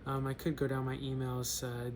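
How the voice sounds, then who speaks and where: A man's voice: medium pitch, monotone, normal speed, slight background noise. A man hosting a casual book club vlog, rambling, joking and interrupting himself before reading a story. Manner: loose, joking, self-interrupting.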